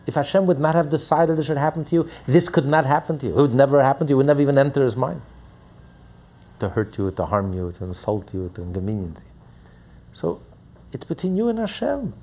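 A man's voice: mid-range voice, expressive, fast, dark tone. A man teaching a Torah class as a rabbi, preaching with rhetorical questions and acting out the voices he quotes.

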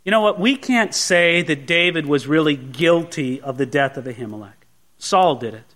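A man preaching a sermon, teaching through a Bible passage in an animated way and acting out the characters' lines. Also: fairly high pitch, moderate pace. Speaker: pastor.

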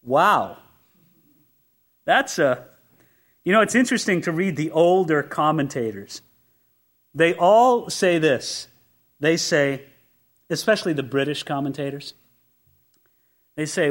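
A man preaching an expository sermon, moving between loud, impassioned exclamation and quiet, intense passages. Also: on the high side, expressive, measured pace, pauses often.

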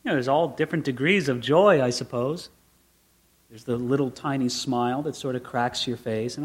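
A middle-aged man preaching a Bible sermon as pastor, swinging between quiet asides and excited peaks. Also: medium pitch, moderate pace.

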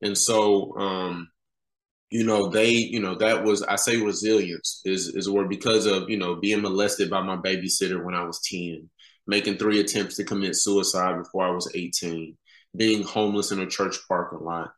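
Low-voiced man, casual, roomy echo. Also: steady tone, moderate pace. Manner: casual slangy talk, many "you know" fillers. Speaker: podcast guest. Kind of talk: candid conversational storytelling.

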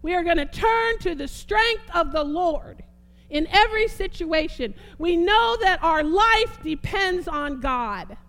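Woman preacher, high voice, fervent sermon, repetitive emphatic phrasing. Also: expressive, measured pace, soft background music. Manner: fervent, repeats phrases, shifts between soft and emphatic.

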